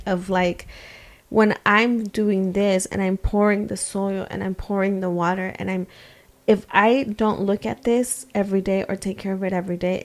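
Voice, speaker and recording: Woman, 30s, podcast co-host, reflective and gentle delivery, some vocal fry. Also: mid-range voice. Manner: reflective, soft-spoken, laughs often. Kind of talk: casual faith chat.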